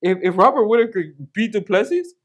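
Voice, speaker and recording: Male co-host, high voice, casual and excitable, loops back on his points. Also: fairly quick. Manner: animated, repeats himself, laughs often. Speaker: podcast co-host. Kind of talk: casual fight analysis chat.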